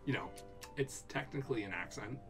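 A man giving casual gaming commentary as a let's play co-host, excitable and laughing often. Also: mid-range voice, brisk, gravelly, music in the background.

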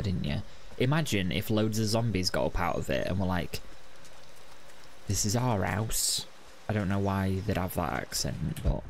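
A man's voice: fairly low pitch, a little mellow. A man giving casual, wry let's-play commentary and chatting to the game. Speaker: gaming video host.

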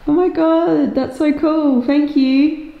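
A woman speaks slowly and sweetly in a very high voice, gushing her thanks to unseen spirits. Her tone is mellow with a gravelly fry. The sound swims in a heavily echoing space with long reverb. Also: fairly even intonation, narrow, tinny audio. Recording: very echoey room, long reverb.

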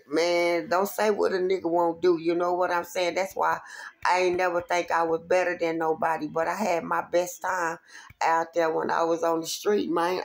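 A woman with a low, gravelly voice tells a rough story from her street days. She swears freely and jumps into other people's voices as she goes. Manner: animated, profane street storytelling with voiced quotes. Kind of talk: casual storytelling.

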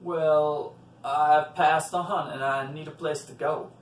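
A man voicing Wicked John, a mean, tough old man, with a gruff drawl. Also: a little high, steady tone, slow pace. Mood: flat. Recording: roomy, from a distant mic.

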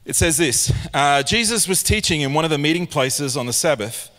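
Lively Australian pastor in reverberant church. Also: male voice, on the high side, fairly quick. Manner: lively storyteller who acts out scenes. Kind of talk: sermon with storytelling. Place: large church auditorium. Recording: long church hall reverb.

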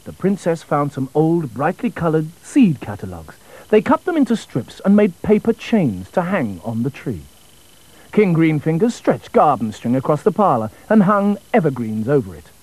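A man narrating a children's storybook in an expressive, melodic way. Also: fairly high pitch, normal speed, poor audio.

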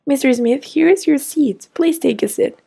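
A woman's voice: high voice, normal speed, gravelly, dark tone. A woman voicing a courteous flight attendant. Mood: polite. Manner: courteous and service-like. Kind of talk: toy play storytelling.

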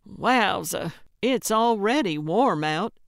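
A perky old lady sleuth, as a woman reads her, cheeky and bright in spirit. She talks slowly in a smooth, crisp voice, recorded close and dry. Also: mid-range voice, expressive, dry recording. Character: chipper older woman amateur sleuth.

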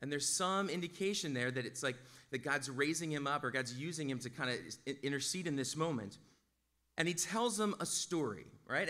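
A man's voice: mid-range voice, bright, forceful tone. A male pastor preaching a sermon in a casual, conversational way, often checking in with his listeners. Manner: casual, conversational, with frequent "like" and "right?".

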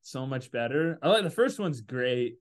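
A man's voice: medium pitch, animated, normal speed. A young American man hosting a podcast, rambling easily in casual chat and laughing along. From United States. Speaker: podcast host.

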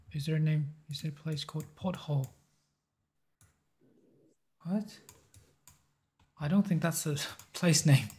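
A man hosting a map-guessing game video, thinking aloud in a halting, musing way with short chuckles. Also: fairly high pitch, gravelly.

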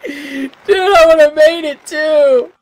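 A young man giving excited let's-play commentary, yelping, shouting, laughing and swearing as he plays. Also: very high voice, slow pace. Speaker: gaming YouTuber.

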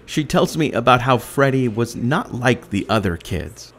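A man giving measured, scripted documentary narration. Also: mid-range voice, lively intonation, a bit bright. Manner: measured, reportorial.

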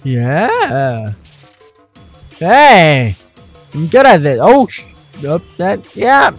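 A man hosting a let's play, commenting in an excitable, joking way with loud outbursts. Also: a little high, extremely slow, soft background music. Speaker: gamer, channel host.

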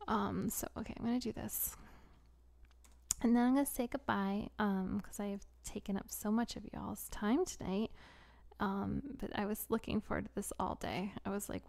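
A young adult woman hosting a casual live Q&A, giggly and rambling, often dropping into soft whispery asides. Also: medium pitch, creaky. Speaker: audio creator hosting a live Q&A. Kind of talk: casual livestream chat.

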